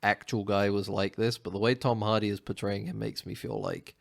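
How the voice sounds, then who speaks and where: A man chats casually on a podcast, rambling through a story with many restarts. His voice sits low and sounds gravelly. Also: fairly even intonation, brisk. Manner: rambling, restarts and laughs a lot. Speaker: podcast co-host. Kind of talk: casual chat.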